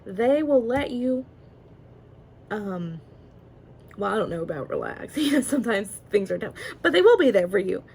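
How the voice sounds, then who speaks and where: A woman's voice: medium pitch, big pitch swings, moderate pace, creaky, pauses often, a little mellow, slight background noise, poor audio. A woman casually reading tarot cards aloud, chatty and rambling, with frequent fillers and giggles. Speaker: tarot reader.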